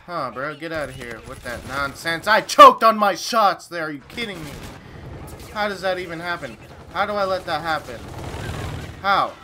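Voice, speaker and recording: A man giving live commentary while playing a shooter game, excitable and taunting the opponents as he plays. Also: a little high, moderate pace, a little hiss or hum. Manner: trash-talking, excitable, talks to opponents. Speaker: gamer. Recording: loud game gunfire behind voice. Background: game gunfire and effects.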